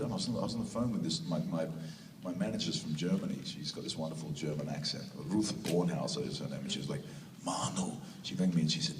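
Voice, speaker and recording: A man's voice: a bass voice, quick pace, crowd noise. A man with a New Zealand accent answering fan questions at a convention panel, rambling through laughing anecdotes with many restarts. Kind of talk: casual storytelling Q&A answer. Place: large convention hall. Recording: echoey hall recorded from far off.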